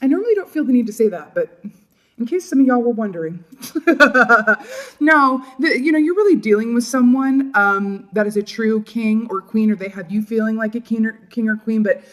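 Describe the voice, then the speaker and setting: Chatty woman giving a tarot reading. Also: a little high. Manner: chatty, often adds "right?" and "you know"; laughs often while talking. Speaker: tarot reader. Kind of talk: casual tarot reading to camera.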